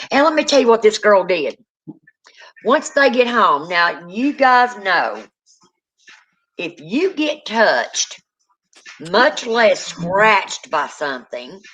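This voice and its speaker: A woman, a paranormal investigator hosting a casual chat, telling lively stories, acting out quotes and swearing freely. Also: lowish voice, poor audio. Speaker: paranormal investigator and channel host.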